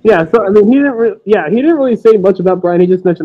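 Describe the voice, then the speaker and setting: A young man hosting a casual wrestling podcast chat, talking in quick excited bursts and swearing freely. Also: high-pitched. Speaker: podcast host. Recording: dull lo-fi podcast audio.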